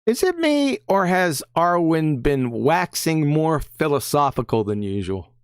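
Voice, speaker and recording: A man hosting a casual online voice-call show, lively and quick to laugh, plugging clips between banter. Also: a little high, clear, resonant tone, dry recording, clean studio sound. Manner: lively, laughing, promo plugs. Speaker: show host.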